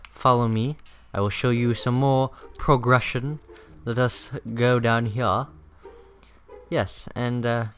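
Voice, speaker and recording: A teenage boy hosting a gaming channel, rambling through casual gameplay commentary with lots of fillers and bursts of excitement. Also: medium pitch.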